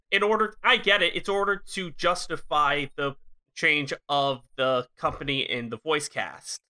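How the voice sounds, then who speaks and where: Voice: mid-range voice, measured pace, pushed and bright. A podcast co-host in casual chat, talkative, teasing and swearing freely.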